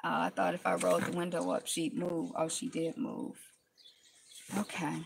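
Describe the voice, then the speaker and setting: Chatty woman with a cold, gravelly voice. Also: lowish voice, flat delivery, normal speed, background noise. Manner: chatty, greets viewers by name, laughs often. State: has a cold. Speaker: live-stream host. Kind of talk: casual live-stream chat. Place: inside a car.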